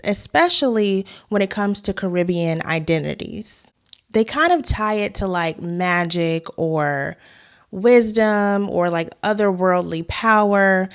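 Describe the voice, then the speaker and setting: A young adult woman hosting a commentary vlog, talking in a conversational, analytical way with casual asides. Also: mid-range voice. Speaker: host.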